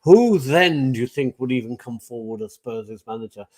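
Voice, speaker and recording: A man's voice: medium pitch, lively intonation, normal speed, a little mellow. Emphatic man ranting as a fan. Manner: emphatic, repeats points for effect. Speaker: podcast co-host and football fan. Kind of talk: passionate fan debate.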